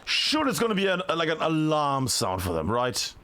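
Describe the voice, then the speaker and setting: A man giving live play-by-play commentary on a video game match, chatty and excitable with many fillers. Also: on the high side, moderate pace, noisy background. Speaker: esports caster.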